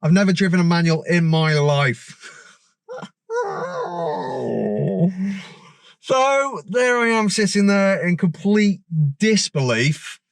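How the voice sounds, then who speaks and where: A man, a driving instructor, telling a story in a rambling, animated way with many restarts. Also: sits high, a little slow, clean tone, no room sound. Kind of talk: casual storytelling vlog. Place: outdoors by a parked car.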